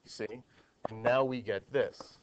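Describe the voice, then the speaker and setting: A man's voice: mid-range voice, steady tone, unhurried, background noise. Male math teacher lecturing a class. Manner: explains step by step, asks the class questions.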